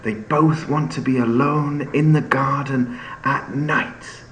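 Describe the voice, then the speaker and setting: A man talks slowly through the story of a play, pausing and restarting with fillers as he searches for words. His voice sits at a middle pitch. He is heard in an echoey room with a faint ambient hum behind him. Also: steady tone, fairly bright tone. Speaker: teacher explaining a play. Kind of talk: storytelling explanation with readings.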